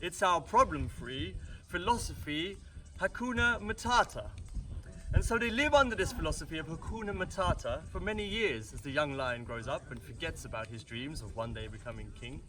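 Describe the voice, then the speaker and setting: A man's voice: a little high, lively intonation, moderate pace, recorded from a distance. A British man retelling a story for his family with jokey asides and rambling restarts. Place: family home at Christmas.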